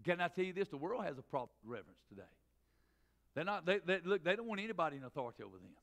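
A middle-aged man, a pastor preaching a sermon in church, swinging between loud emphatic preaching and quick low asides. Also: big pitch swings, gravelly. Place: church sanctuary.

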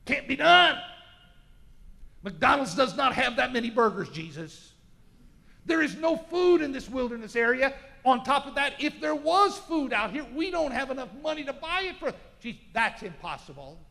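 A man's voice: expressive, a little fast, creaky, hardly any pauses, exaggerated voice. A man acting out panicked, protesting disciples. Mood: exasperated. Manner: loud, high and protesting. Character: panicked exasperated male disciples. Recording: echoey church hall.

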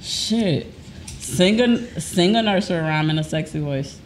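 A woman co-hosting a podcast in raunchy, casual group banter, loud and profane. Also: lowish voice, animated, a little slow. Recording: roomy room with background noise.

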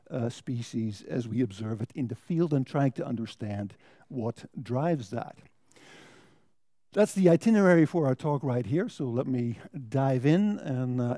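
Middle-aged american guy lecturing, deep mellow tone, calm and measured, little dry jokes. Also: dry recording. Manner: measured, thoughtful delivery with dry humor. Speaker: guest lecturer. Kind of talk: academic lecture.

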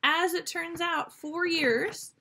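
Bright upbeat woman teaching math. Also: extremely high pitch, steady tone, slow, vocal fry. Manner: upbeat, encouraging, talks to students directly. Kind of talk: video math lesson for kids. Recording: faint background noise. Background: toddler babbling nearby.

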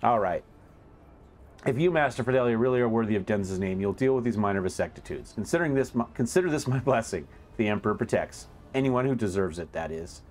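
A man's voice: lowish voice, animated, fast talker, darkish tone, slight background noise, natural voice. A man voicing a blunt, sardonic male chaplain from a game, reading his lines aloud in a dry, scornful way.

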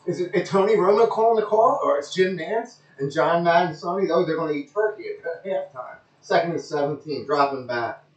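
Man doing crude play-by-play, high voice. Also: fairly quick, reverberant, rough recording. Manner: crude, joking, repeats himself. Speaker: amateur commentator. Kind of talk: rambling play-by-play over a televised game.

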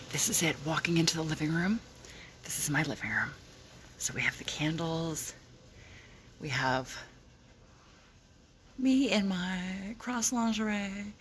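A woman vlogging at home in a hushed, excited whisper, swearing casually as she shows things off. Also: deep voice, slight background noise. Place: indoors at home.

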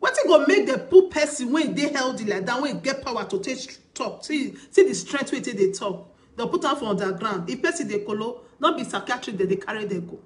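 A woman with a Nigerian Pidgin accent talks straight to her viewers in casual vlog commentary. Her voice sits a little high, and she hammers her points home with repeats and pointed rhetorical questions. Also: lively intonation, brisk. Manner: emphatic, repetitive, rhetorical questions. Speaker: vlogger.

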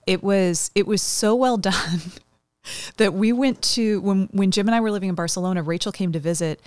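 A woman's voice: mid-range voice, normal speed, a little mellow, smooth, no room sound. A woman co-hosting a podcast, telling stories and laughing often. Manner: chatty storyteller, laughs often. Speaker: podcast co-host. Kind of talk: casual chat.

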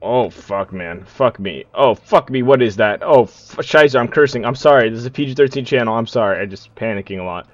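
Young male gaming creator, casual let's-play voice with a lively, swooping pitch; rambles, then yelps and swears in panic. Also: brisk, few pauses, no echo, dull audio. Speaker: gaming YouTuber.

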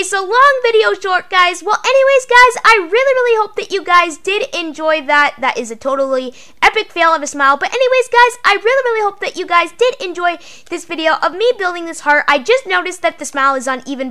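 A woman's voice: very high voice, bright, forceful tone. A woman hosting her own gaming channel in casual gameplay commentary, chatty and counting aloud as she talks to her viewers.

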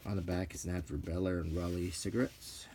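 Middle-aged man, low mellow voice, soft-spoken show-and-tell vlogger, meandering with ums. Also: level tone, a little hiss or hum. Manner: meandering and unhurried, with frequent ums and self-corrections.

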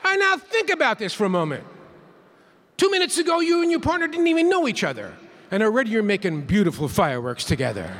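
A man's voice: sits high, huge pitch swings, quick pace, a bit bright, a little hiss or hum. A man giving a playful keynote talk, leading the audience in call-and-response counts in a large conference hall. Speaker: keynote speaker. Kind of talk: interactive plenary talk.

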